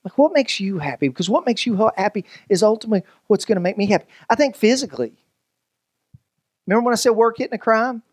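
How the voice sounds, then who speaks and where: A man's voice: high-pitched, lively intonation, quick pace, breathy edge, dry recording, studio quality. A male pastor preaching a sermon in a loose, conversational way, joking with the congregation and often restarting his sentences.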